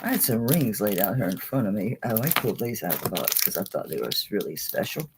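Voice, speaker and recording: A woman's voice: extremely low pitch, very animated, fast, background noise. A woman running a live online jewelry auction in casual chat, cooing at her dog between bids.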